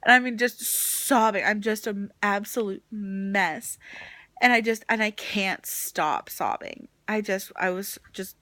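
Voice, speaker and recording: A young woman vlogging casually, exhausted and nauseous, venting frankly about a rough stretch. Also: mid-range voice, fairly even intonation, slow pace, bright, forceful tone, dry recording. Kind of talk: casual chat.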